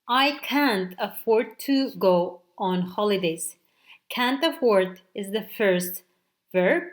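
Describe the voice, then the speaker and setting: A woman's voice: mid-range voice, lively intonation. A woman teacher giving a recorded grammar lesson, explaining examples step by step and often checking with "okay". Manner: slow, deliberate explaining with frequent "okay" checks. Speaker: English teacher.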